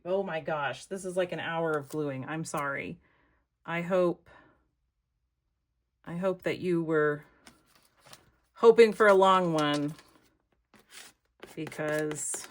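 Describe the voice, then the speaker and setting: An American woman talks her viewers through a craft project in a relaxed, unhurried way. Her voice sits a little low, and she chats as if to friends, thinking aloud and calling them y'all. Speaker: craft vlogger. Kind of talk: casual crafting chat to camera.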